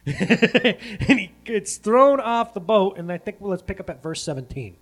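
A male preacher gives a loose, conversational sermon with a fairly high voice that swings widely up and down. He jokes as he retells the story, adds playful asides, and often stops mid-sentence to fix what he said. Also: lively intonation, normal speed, a bit bright. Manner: self-correcting, breaks off mid-sentence. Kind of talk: casual sermon.

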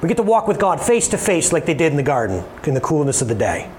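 A man preaching a sermon to a congregation, playful and animated, acting out voices as he tells stories. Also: a little high, quick pace, a little hiss or hum. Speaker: pastor.

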